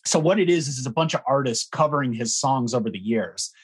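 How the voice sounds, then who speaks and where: A man's voice: medium pitch, expressive, fast, husky. Opinionated man chatting on a podcast. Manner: opinionated, frank, with many fillers. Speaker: podcast co-host. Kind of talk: casual chat about music history.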